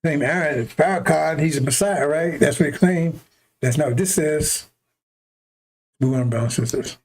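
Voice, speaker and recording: A man's voice: a little high, moderate pace, a little mellow. A man preaching an emphatic, rambling sermon to his listeners, with a conversational delivery and frequent chuckling asides. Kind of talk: impassioned street-style sermon.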